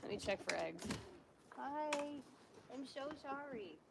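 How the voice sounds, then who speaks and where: A woman's voice: fairly high pitch, expressive, unhurried, gravelly. A woman hosting a casual livestream at a snowy outdoor chicken coop, chatty and baby-talking her chickens on a handheld phone, with noise in the recording. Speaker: livestream host. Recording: noisy outdoor phone audio.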